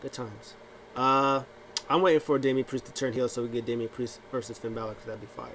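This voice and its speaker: A man talks through a wrestling episode in a loose, offhand way, stumbling over restarts and fillers. His voice sits at an ordinary mid pitch, with a faint hiss of noise underneath. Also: fairly even intonation, a little fast, a bit bright. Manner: rambling with many fillers and restarts; acts out quotes in funny voices. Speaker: wrestling recap vlogger. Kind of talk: casual recap talk.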